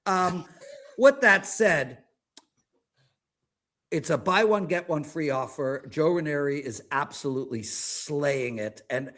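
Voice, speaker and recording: High-voiced ranting man in his fifties. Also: takes it slowly. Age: 50s. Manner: animated, ranting and self-mocking. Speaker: sports betting handicapper. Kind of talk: casual panel chat.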